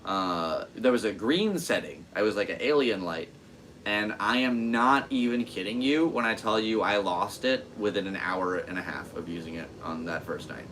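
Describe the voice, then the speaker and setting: A young man with a somewhat low voice hosts his podcast solo. He rambles through stories in an excitable, self-deprecating way, with a faint hum of background noise behind him. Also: moderate pace, rough recording. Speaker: podcast host.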